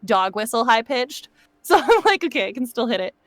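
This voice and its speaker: A woman voice actress chatting casually on a live stream, laughing often and getting animated as she talks about voice work. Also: brisk, no room sound, studio quality. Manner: laughs often, animated when describing pitch. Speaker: voice actress guest. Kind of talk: casual chat.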